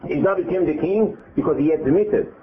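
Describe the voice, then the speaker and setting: A man's voice: on the high side, brisk, background noise. A man giving a Torah lesson, retelling scripture with many repeats and acted quotes. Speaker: religious teacher. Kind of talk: Torah lesson to a live group. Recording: narrow phone-like audio.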